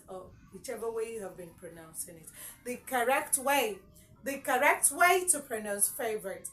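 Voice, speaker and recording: A woman's voice: fairly high pitch, low-quality recording. A woman teaching a lesson, emphatic and repeating words to drill their pronunciation. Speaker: English teacher. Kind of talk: spoken English lesson.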